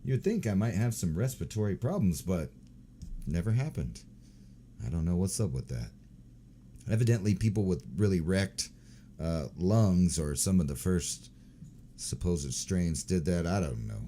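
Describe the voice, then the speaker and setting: A man's voice: low voice, lively intonation, normal speed, dark tone, slight background noise. Crude, swearing middle-aged man ranting. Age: 40s. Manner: crude, sarcastic, rambling, swears a lot. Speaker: host. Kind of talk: profane commentary on news clips.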